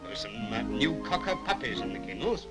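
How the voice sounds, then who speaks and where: Man playing a jovial country gentleman, hearty, music swelling behind. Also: medium pitch, big pitch swings, brisk, close to an everyday voice. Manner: hearty, chuckling.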